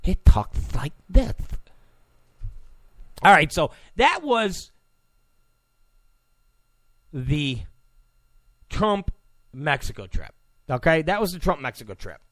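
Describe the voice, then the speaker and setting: Lively, mocking male talk show host. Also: fairly high pitch, slow pace, pauses often, dry recording. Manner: mocking, joking, mock-apologetic. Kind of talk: political talk show monologue.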